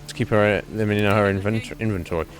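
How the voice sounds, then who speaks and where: A man's voice: fairly low pitch, fairly even intonation, fast, faint music behind. A man streamer giving casual gameplay commentary, chatty, laughing often, with lots of fillers.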